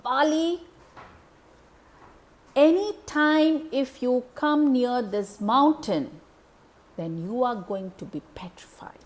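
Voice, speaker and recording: A woman's voice: high voice, slow pace, pauses often, pitched above the performer's own voice. A woman voicing an angry old male sage who lays a curse. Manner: cursing.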